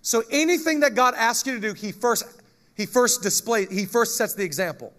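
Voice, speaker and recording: High-voiced energetic male pastor preaching. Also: normal speed. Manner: energetic, joking, reads scripture aloud. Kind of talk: sermon.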